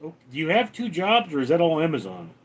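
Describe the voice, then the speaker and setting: A man hosting a casual livestream, reading viewer comments aloud in a raised voice and answering them lower and faster. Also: huge pitch swings, breathy edge. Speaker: livestream host.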